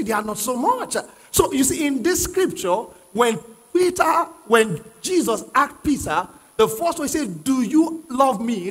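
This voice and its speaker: Male pastor with a husky, high voice, preaching emphatically to a congregation; sound carries a long hall reverb. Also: fairly bright tone. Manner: asks the congregation questions and prods them to answer; emphatic, repeats key phrases. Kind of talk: sermon. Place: church hall with live congregation.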